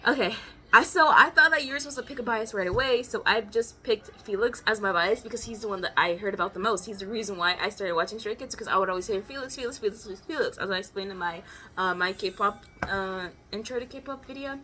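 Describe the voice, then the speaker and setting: A woman's voice: medium pitch, brisk, pushed and bright. A young American woman vlogging in casual chat, rambling and slangy, often correcting herself mid-sentence. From United States.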